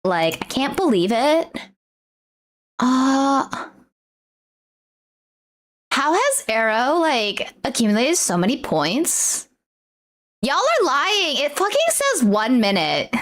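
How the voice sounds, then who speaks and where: A woman streams casually to her chat in a fairly high voice. She talks slowly but swings widely in pitch, gushing and exclaiming as she goes. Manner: gushing, excitable, exclaims often.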